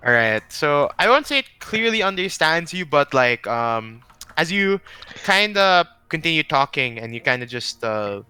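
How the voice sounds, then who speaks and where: A man's voice: on the high side, very animated, normal speed, pushed and bright, clean tone, no room sound. A man narrating as game master in a casual online tabletop session, thinking aloud and checking rules with many fillers.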